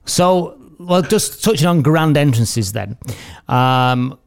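A man's voice: a little high, lively intonation, vocal fry, clear, resonant tone. British man hosting a chatty podcast. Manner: upbeat, asks quick prompting questions. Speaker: podcast host. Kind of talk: casual podcast chat.

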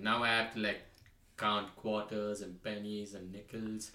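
Bright-voiced man in an echoey room. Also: on the low side, flat delivery, measured pace. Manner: rambling storyteller, lots of "like". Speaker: podcast co-host, comedian. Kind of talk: casual chat. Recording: echoey room with faint noise.

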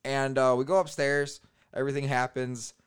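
A man's voice: mid-range voice, flat delivery, moderate pace, clear, resonant tone. A man in his twenties on a podcast, telling a crude story in a casual way, laughing and acting out the other people in it.

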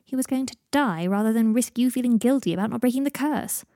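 A woman voicing a sharp-tongued young woman who scolds her friend with blunt, teasing bossiness. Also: on the high side, fast talker, no echo, studio quality, voice pushed up, lightly acted.

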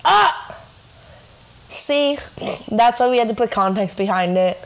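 A young woman co-hosting a casual podcast, talking bluntly and swearing freely as she riffs with her friend. Her voice sits on the higher side, and laughter breaks through her lines often. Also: lively intonation, measured pace, creaky. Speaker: podcast co-host. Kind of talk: casual chat.

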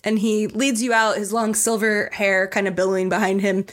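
A woman narrating a tabletop game as game master in a relaxed, chatty way. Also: mid-range voice, moderate pace.

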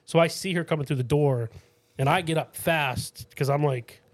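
A man tells a story on his podcast in a slightly high voice, acting out everyone he met and swearing casually. The sound is dry and close, with no room echo. He stumbles and restarts often as he talks. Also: normal speed. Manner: animated storyteller, acts out quoted people in a higher voice. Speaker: podcast co-host.

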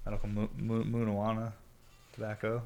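A young man with a lowish voice talks through a solo podcast, rambling and laid-back. He is audibly stoned and leans on fillers and casual swearing. Faint noise and clicks sit behind him. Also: monotone, brisk, darkish tone. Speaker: podcast host and glass blower.

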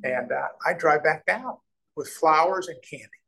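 A middle-aged man from Nebraska recounts his deals in a lively interview, voicing the people he quotes. His voice sits a little high, and he often restarts his sentences while the story runs. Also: moderate pace, vocal fry, breathy edge, low-quality recording. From Nebraska, USA. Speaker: real estate developer, guest.

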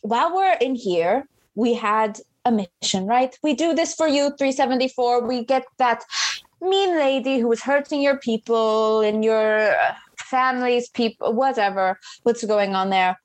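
A woman's voice: fairly high pitch, a little slow, no echo. A woman playing a tabletop game, speaking in character with sarcastic, haughty banter. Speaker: player. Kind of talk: in-character tabletop role-play.

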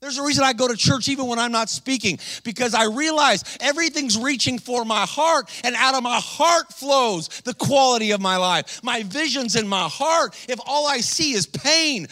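High-voiced, fired-up man preaching. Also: no room sound. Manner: energetic, rhetorical questions and "come on" refrains. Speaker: guest preacher. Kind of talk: sermon. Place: church.

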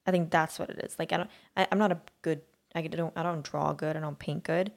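A woman's voice: sits low, fairly even intonation, brisk, gravelly. A woman co-hosting a podcast, chatting casually and rambling with many fillers and restarts. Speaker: podcast co-host. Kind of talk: casual chat.

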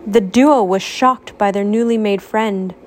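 Mom slowly reading a rhyming picture book. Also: female voice, medium pitch, slight background noise. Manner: gentle, explains words to a child. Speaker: mother reading to her child.

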